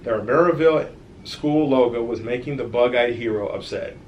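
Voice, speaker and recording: A man with a middle-pitched voice reads a children's story aloud, lively and friendly, stopping now and then to talk straight to the young listeners. The room around him is echoey, and a faint hiss runs under the recording. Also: normal speed, highs cut off. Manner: lively storytelling with asides to kids. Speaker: author reading his own book.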